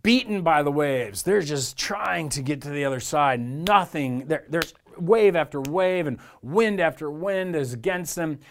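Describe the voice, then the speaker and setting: A man's voice: fairly high pitch, lively intonation, a little slow, few pauses. A man preaching a sermon as pastor, in an earnest, conversational way with lots of repetition.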